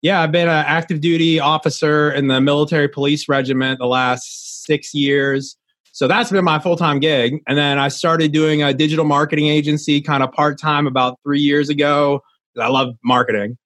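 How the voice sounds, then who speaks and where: A man's voice: a little high, steady tone, normal speed, fairly bright tone, no echo. A young adult man, a podcast guest, talking earnestly in a casual interview, rambling with many restarts.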